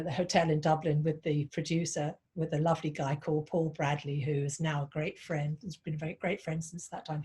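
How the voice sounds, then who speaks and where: Lower-voiced actress telling anecdotes. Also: female voice. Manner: lively anecdotes, frequent fillers. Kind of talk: anecdotal storytelling.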